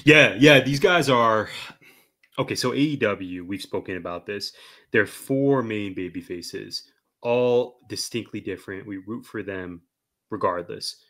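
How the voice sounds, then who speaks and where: A man with a low, bright voice gives wrestling opinions on a casual podcast. He talks with animated emphasis, and his voice stays low and bright the whole way through. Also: measured pace. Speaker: podcast co-host.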